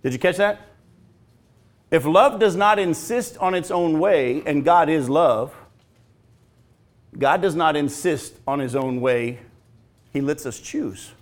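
High-voiced man preaching a lively sermon. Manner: dynamic preaching, swinging from loud to hushed, drawn-out phrases. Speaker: pastor.

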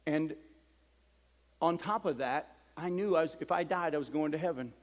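A middle-aged man, a preacher, telling a story in a sermon and acting out the dialogue with lively energy. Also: a little high, moderate pace. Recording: long hall reverb.

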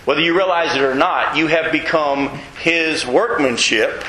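A man preaching a sermon as pastor, animated and asking the congregation questions as he goes. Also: fairly high pitch, a little slow, echoey room, noisy background. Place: church.

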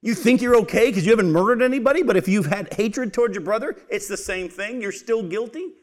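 A man with a high-pitched voice preaches quickly, addressing his listeners as "folks" and posing questions to them that he then answers himself.

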